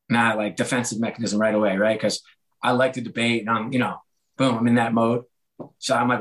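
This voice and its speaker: A middle-aged man with a slightly hoarse voice talks in a loose, conversational way. He slips into the voices of the people in his stories and gives each one an animated delivery. His pitch sits right in the middle. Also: fast, poor audio. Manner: animated, acts out quoted dialogue. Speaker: guest, author and former sports executive. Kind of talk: casual conversational storytelling.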